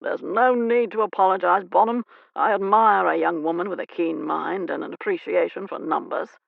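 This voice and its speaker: A woman's voice: fairly low pitch, fairly even intonation, normal speed, creaky, dry recording, phone-quality sound. A woman narrator voicing a suave, genteel earl with a predatory charm. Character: smooth, predatory aristocratic earl, man.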